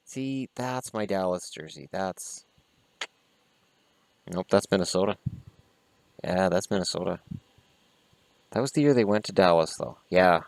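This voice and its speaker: A man's voice: deep voice, takes it slowly, creaky, long pauses, darkish tone, no echo. A man hosting a casual vlog, chatting in an opinionated way and swearing mildly as he opens trading cards. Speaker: hockey vlogger. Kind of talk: casual card-opening vlog chat.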